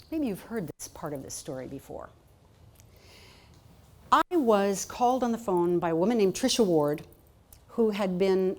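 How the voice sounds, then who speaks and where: Woman telling stories on stage at a conference, lively, does little voices for people in her stories. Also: on the low side. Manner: animated, acts out quoted voices. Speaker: keynote speaker. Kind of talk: storytelling conference speech. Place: conference hall.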